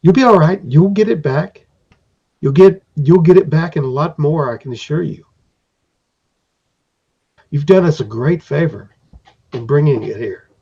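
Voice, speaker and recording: A man voicing a fussy, small old male craftsman creature who talks in a high, pleading way, on a dull lo-fi recording. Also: lively intonation, measured pace, long pauses, mellow, breathy edge, full character voice.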